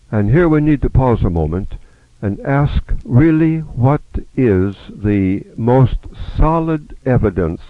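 A man with a fairly low voice leads a Bible study lesson. He reads scripture aloud and gives each speaker's words their own delivery. The sound is dry and narrow, like a phone line. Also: dry recording.

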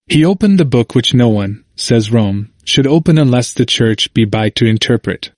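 A man reads an old history aloud in a measured, earnest manner. His voice is mid-pitched and plain, recorded dry and close with no room sound. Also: animated, darkish tone, no echo. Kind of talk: reading a historical text aloud.

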